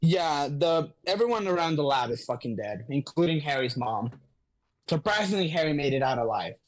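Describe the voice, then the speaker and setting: A podcast co-host recaps comic books in casual chat, his high, lively voice at a moderate pace. He's an animated storyteller who swears freely and acts out quotes.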